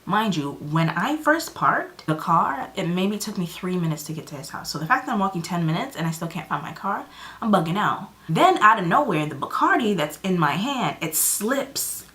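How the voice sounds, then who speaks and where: A woman in her twenties telling a story in a casual vlog, animated and dramatic, acting out her own lines. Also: fairly low pitch, normal speed. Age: 20s. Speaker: vlogger.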